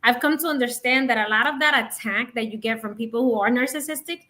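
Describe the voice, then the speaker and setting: High-pitched woman co-host, frank and emphatic in relaxed conversation. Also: quick pace. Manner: frank, emphatic, laughs often. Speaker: podcast co-host. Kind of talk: candid casual chat.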